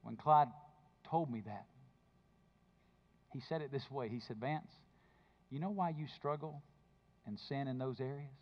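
A man preaching a sermon, moving between low intimate speech and loud emphatic bursts. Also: a little slow, pauses often, dull audio. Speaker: pastor.

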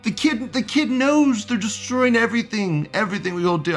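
A man's voice: high voice, expressive, fairly quick, faint music behind. A man hosting a live show, rambling in casual commentary, laughing often and repeating himself. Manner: reads out chat messages in a mocking tone.

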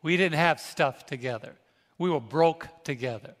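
A man's voice: a little high, normal speed, a bit bright. An older man from New York, a pastor telling a personal, emotional story in a sermon and calling out to his congregation. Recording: reverberant large hall.

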